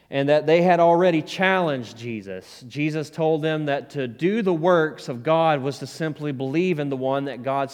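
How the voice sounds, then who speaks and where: A man's voice: a little high, darkish tone. Male pastor, plainspoken sermon delivery, resonant tone, reverberant hall sound. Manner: plainspoken, conversational preaching with folksy asides.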